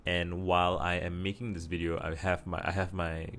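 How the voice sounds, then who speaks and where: A man's voice: deep voice, level tone, moderate pace, fairly bright tone, a little hiss or hum. A man from Singapore with a Singaporean English accent, talking casually to camera and thinking aloud with many restarts. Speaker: vlogger.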